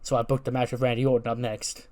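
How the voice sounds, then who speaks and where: A man's voice: mid-range voice, fast, natural voice. A man doing a naive, eager young wrestler. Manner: excited and clueless.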